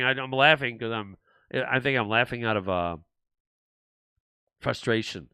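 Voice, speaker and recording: Behind a desk on a live political talk show, an older host rambles in frustration, looping back on himself and restarting often. His mid-range voice is bright, forceful, and clean in tone, captured in a close, dry recording with no room sound.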